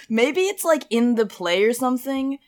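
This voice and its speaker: A young woman co-hosting a casual chat about song lyrics, giggling often and thinking aloud with lots of "like"s. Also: a little high. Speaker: podcast co-host.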